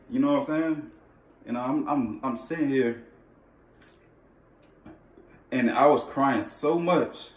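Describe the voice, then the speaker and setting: Man, earnest casual testimony, slangy, repeats himself, roomy echo, distant mic. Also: mid-range voice. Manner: earnest, repetitive, slangy, often restarts phrases. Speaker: vlogger sharing a faith testimony. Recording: echoey room, distant mic.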